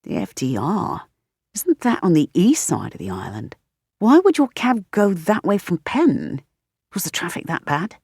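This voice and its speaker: Woman voicing a young british man, cheerful, eager, chatty, British accent, lively. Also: on the low side, measured pace, gravelly, husky, dry recording, clean studio sound, full character voice. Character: cheerful young British male grad student.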